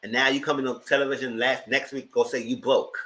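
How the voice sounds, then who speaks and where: A man hosting a live TV review, giving sassy, animated commentary straight to his viewers. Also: mid-range voice, a little fast, low-quality recording. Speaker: TV review host.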